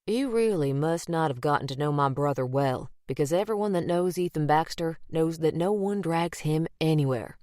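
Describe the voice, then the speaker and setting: A woman reading the part of an earnest younger man with a Southern US drawl, gentle and reassuring in an audiobook. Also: on the high side, normal speed, hardly any pauses, no room sound, clean studio sound, close to an everyday voice.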